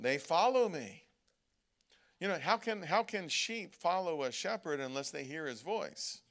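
A man delivering an evening sermon in a loose, conversational way. He keeps checking in with "okay?" and slows down to lean on quoted scripture. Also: on the high side, a bit bright. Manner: conversational preaching, frequent "okay?" check-ins, slows to stress quoted verses. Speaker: preacher. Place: church service.

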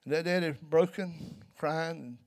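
A man preaching a sermon in a church, telling a story and building to loud, emphatic peaks. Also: on the high side, a little slow.

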